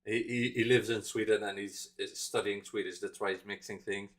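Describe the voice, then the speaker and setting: Man with a lowish voice, teasing. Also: moderate pace. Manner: animated, teasing, corrects language details. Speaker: reaction streamer. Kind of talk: live reaction chat.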